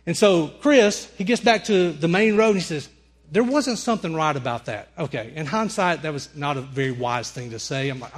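A young man with a Southern drawl delivers a sermon in a storyteller's way. His voice sits fairly high, and he acts out every line of the tale with full energy. He turns the story into a lesson for his congregation. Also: fairly quick. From Alabama. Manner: animated storyteller, acts out screams and dialogue. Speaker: preacher.

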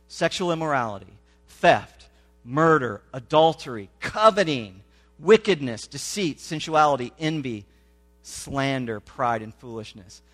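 A man preaching a sermon in a conversational way, often checking in with his listeners and swinging between loud emphasis and quiet asides. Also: on the high side. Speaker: pastor.

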